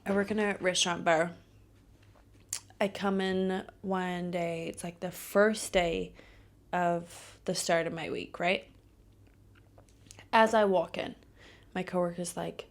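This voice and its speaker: Woman podcast host, slow delivery, gravelly fry, blunt and profane. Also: on the low side, flat delivery. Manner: blunt, profane, ranting storyteller. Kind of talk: casual solo podcast monologue.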